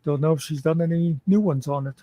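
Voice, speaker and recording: Measured man with a warm, dark voice. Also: a little high, no room sound, low-quality recording. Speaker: guest on a live chat. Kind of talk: casual live-stream chat.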